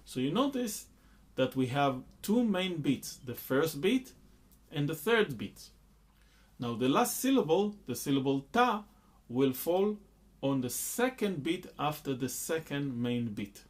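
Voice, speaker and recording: A man's voice: fairly high pitch, very animated, measured pace. A man teaching a rhythm lesson, patiently explaining beats and counting rhythm syllables aloud. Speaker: music teacher.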